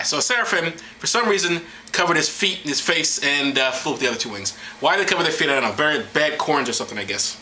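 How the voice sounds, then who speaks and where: A man's voice: a little high, animated, fast, hardly any pauses, pushed and bright, a little hiss or hum, poor audio. A man reading scripture aloud as comedy, sarcastic and profane, stumbling and laughing over the text. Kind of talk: irreverent comedic Bible reading.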